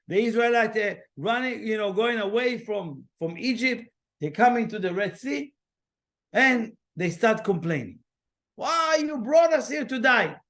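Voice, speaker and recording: A man with a strikingly high voice lectures a class on spiritual matters. His delivery is animated and loose, full of restarts and fillers, and he slips into the voices he quotes. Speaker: spiritual teacher.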